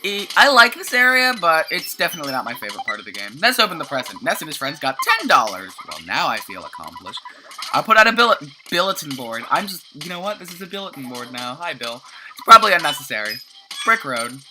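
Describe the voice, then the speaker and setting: Talking fast in a low voice with big pitch swings, a young woman commentates her own gameplay as a let's play commentator. Tired and freshly awake, she's chatty, self-deprecating and keeps tripping over her words. The background is noisy, with game music underneath.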